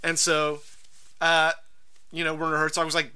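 A man co-hosting a podcast in casual chat, telling stories in an animated, rambling way. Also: fairly high pitch, moderate pace, long pauses, clear, resonant tone. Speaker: podcast co-host.

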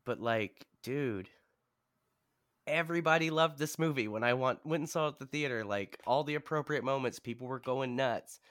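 A man co-hosting a movie podcast, swearing freely and telling animated stories in casual chat. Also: mid-range voice, normal speed, no room sound, studio quality. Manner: profane, animated storyteller. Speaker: podcast co-host.

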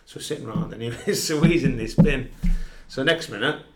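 A former footballer, appearing as a podcast guest, tells a long, sweary dressing-room story in a mid-range voice at a fairly quick pace, laughing often along the way. It's casual anecdote-telling, with a loud crowd audible.

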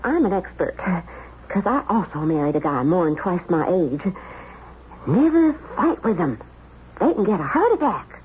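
A woman's voice: lowish voice, very animated, a little slow, a little mellow. A woman playing a brassy, streetwise older hotel maid in a 1970s radio drama, slangy and nosy. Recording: dull old radio broadcast with faint hiss.

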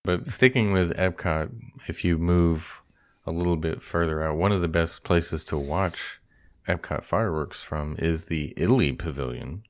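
Deep-voiced man in casual podcast chat. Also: normal speed. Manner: relaxed, laughs easily, thinks aloud with fillers. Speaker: podcast co-host.

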